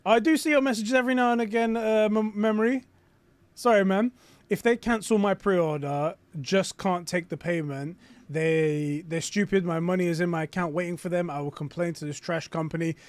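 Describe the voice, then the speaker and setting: A man hosting a casual live stream, reading aloud and reacting with excitement and frequent swearing. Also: high-pitched, normal speed, no room sound.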